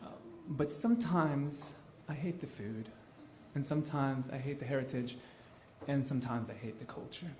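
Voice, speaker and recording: A man's voice: medium pitch, normal speed, darkish tone, a little hiss or hum. A man from Los Angeles telling a true story on stage at a live event, earnest and conversational, often restarting his phrases. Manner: earnest and conversational, with frequent repeated starts. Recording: roomy live venue sound.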